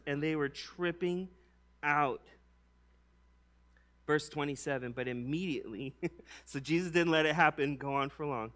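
Bright high-voiced man preaching casually. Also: unhurried, long pauses. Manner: slangy and conversational, many "like"s; animated storytelling with acted-out voices. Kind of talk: casual sermon.

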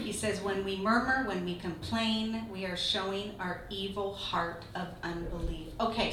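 Female Bible teacher, animated storyteller, distant mic in an echoing, noisy room. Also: mid-range voice. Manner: lively storytelling, laughing through anecdotes. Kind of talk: Bible teaching talk with personal stories. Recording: echoey room from far off, noisy.

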